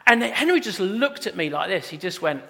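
A man preaching a sermon to a congregation, loud and jokey in his delivery. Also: sits high, big pitch swings, moderate pace, vocal fry. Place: church hall with a live congregation. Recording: reverberant hall sound.

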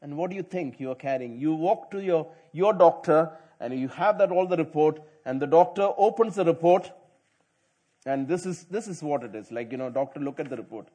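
A middle-aged man preaching a sermon as pastor. He tells stories in a quiet, chatty way and rises into loud, emphatic preaching. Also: on the high side, lively intonation, moderate pace.

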